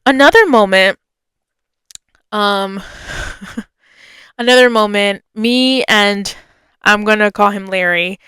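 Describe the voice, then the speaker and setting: A woman hosting a podcast tells a story in a casual, chatty way, relying on "like" as filler and jumping her pitch when she imitates other people. Her tone is sharp and smooth, and the recording is dry.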